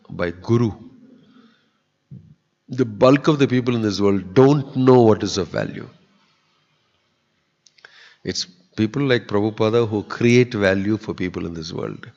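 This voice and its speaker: A low-voiced man preaches in a temple hall, earnest and conversational. His voice rings with a long hall reverb. The recording sounds dull and lo-fi. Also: a little slow, pauses often, a little mellow. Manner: earnest, conversational, acts out quoted people. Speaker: spiritual teacher giving a discourse. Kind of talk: sermon.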